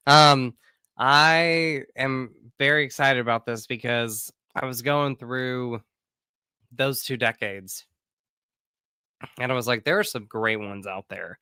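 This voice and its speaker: Chatty, slightly hoarse man podcast host. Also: slow pace, no room sound, studio quality. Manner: animated, chatty, warm greetings with pitch jumps. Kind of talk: casual podcast chat.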